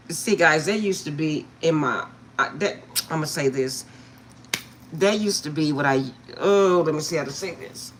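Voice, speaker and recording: A woman's voice: sits low, lively intonation, normal speed, slight background noise. A middle-aged woman card reader chatting casually with viewers, laughing often as she tells a story, recorded at home on a phone. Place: at home, indoors.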